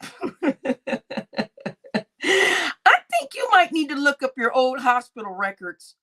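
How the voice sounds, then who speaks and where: A woman's voice: high-pitched, huge pitch swings, takes it slowly, pushed and bright. A woman YouTube commentator giving casual gossip commentary, laughing often, swearing freely and repeating her phrases.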